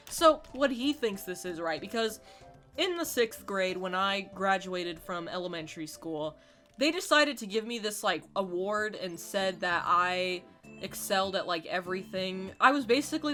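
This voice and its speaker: A woman's voice: medium pitch, expressive, moderate pace, bright, forceful tone, soft background music. A young woman in her late teens, chatting through a dramatic, exasperated storytime rant while playing a game. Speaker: gaming YouTuber.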